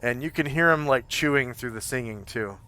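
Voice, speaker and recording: Male game master, slow, hesitant, bright and clear voice. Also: mid-range voice. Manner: hesitant, full of fillers. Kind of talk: describing scenes in a tabletop game. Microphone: home microphone on a live stream.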